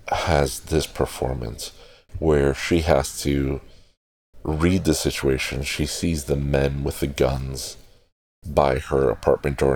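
Man, extremely deep voice, gravelly fry, casual film commentary, digressive, cusses. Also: a little mellow. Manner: digressive, swears casually, self-correcting. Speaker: podcast host reviewing a film.

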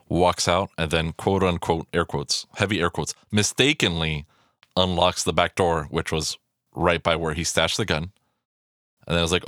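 A man with a deep, low voice rambles through a film breakdown in a loose, casual way. He swears freely and trips over fillers and restarts. The recording is dry and close, with no room sound. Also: fairly even intonation, normal speed, fairly bright tone, no room sound. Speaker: film commentator.

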